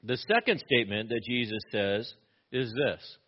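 A man preaching an expository sermon, asking rhetorical questions and acting out quoted lines with sudden rises in pitch and loudness. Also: normal speed, slightly rough. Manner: animated, rhetorical questions, acts out quotes with rising pitch and volume. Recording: slightly dull lo-fi sound.

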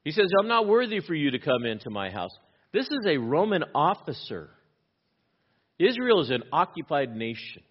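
A man preaching a sermon, asking rhetorical questions and repeating key phrases, often dropping to a hushed, intense tone. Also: a little high, very animated, moderate pace, breathy edge, muffled recording. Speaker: pastor.

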